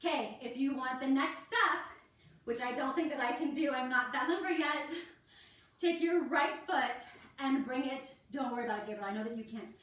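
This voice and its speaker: High-voiced woman teaching kids yoga. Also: moderate pace, fairly bright tone, distant mic. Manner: encouraging, talks children through poses step by step. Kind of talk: leading a kids yoga class. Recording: echoey room, voice from off the mic.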